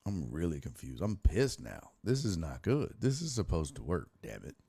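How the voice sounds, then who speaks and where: A man's voice: low-pitched, huge pitch swings, mellow, husky. A man hosting a live-streamed sports talk show, reading and answering viewer messages, cursing freely and laughing in between. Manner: profane, exasperated, quick to laugh.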